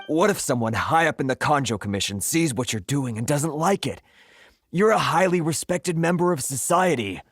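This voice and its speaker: A man's voice: mid-range voice, natural voice. A man plays a worried merchant in a video game. He sighs often and speaks anxiously in a mid-range voice. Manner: sighing, anxious.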